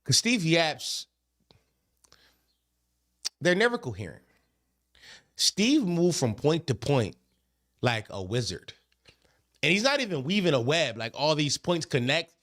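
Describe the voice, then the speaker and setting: A man hosting a podcast, telling stories in a casual, animated, profane way, often repeating himself. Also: fairly high pitch, a little slow, long pauses. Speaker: podcast host. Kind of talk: casual storytelling chat.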